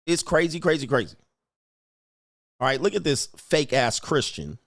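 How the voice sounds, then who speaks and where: A man's voice: mid-range voice, sing-song, normal speed, pauses often. A male livestream host giving brash, profane, combative commentary and laughing often. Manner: frequent laughter.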